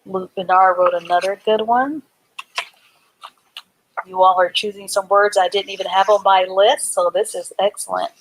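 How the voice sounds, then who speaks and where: A woman's voice: mid-range voice, fairly even intonation, normal speed, a little hiss or hum, rough recording. A woman teaching a live online reading class, patiently sounding out words letter by letter and praising her students.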